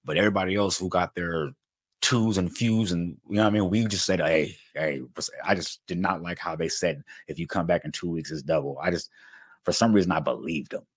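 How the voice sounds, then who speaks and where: Male host, deep voice, dry recording; loose, slangy storyteller full of fillers. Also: fairly quick, slightly rough, no echo. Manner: animated, slangy, lots of fillers, acts out quotes. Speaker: channel host telling his story. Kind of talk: casual storytelling to camera.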